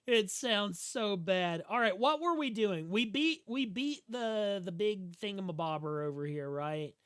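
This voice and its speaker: Young male streamer, Southern drawl, bright tone, rambling jokey patter. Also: sits high, expressive, unhurried, clear, resonant tone, dry recording, clean studio sound. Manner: joking, rambling, talks back to chat; slurred drawl. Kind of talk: casual live-stream gaming chat.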